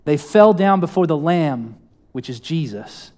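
A man's voice: on the high side, animated, measured pace, darkish tone. Young man preaching conversationally. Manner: conversational, asks the congregation questions. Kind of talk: sermon. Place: church hall.

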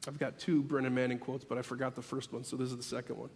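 A man preaching a sermon as the pastor, animated and building to emphatic peaks. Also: mid-range voice, quick pace, slight background noise. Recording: long reverb of a large hall.

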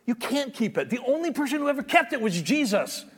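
A man's voice: very high-pitched, very animated, brisk, breathy edge, in a large hall. A man preaching a sermon as pastor, emphatic and conversational, often restarting his words.

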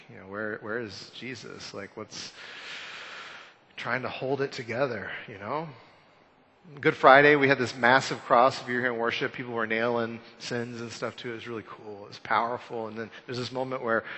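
A man in his thirties preaching a conversational Easter sermon, telling self-deprecating stories and swinging between loud and hushed. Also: medium pitch, a little hiss or hum. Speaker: pastor. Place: church sanctuary. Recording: long church hall reverb.

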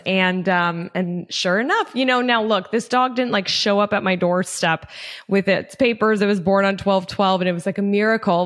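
A woman in her thirties talks casually on her podcast in a mid-range voice. She leans on "like" and "um" as she rambles through a personal story, and she turns animated whenever she quotes herself. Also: mid-range voice. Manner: chatty, heavy on fillers like "like" and "um"; animated when quoting herself. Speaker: podcast host.

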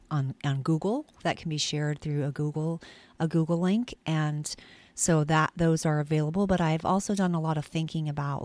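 Hoarse, gravelly-voiced woman podcast host. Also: low-pitched, no room sound. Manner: rambling, repeats words while thinking aloud. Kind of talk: casual solo podcast talk.

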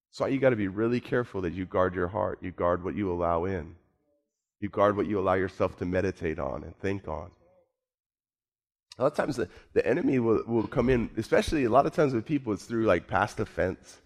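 A pastor preaches a sermon, shifting from low, quiet musing to raised, emphatic points. He slows down and repeats words for emphasis.

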